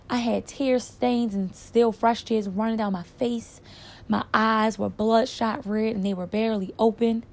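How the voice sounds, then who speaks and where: A woman telling a personal story in a candid, reflective way, pausing and repeating words for emphasis. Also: mid-range voice, a little mellow. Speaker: storyteller sharing a personal experience.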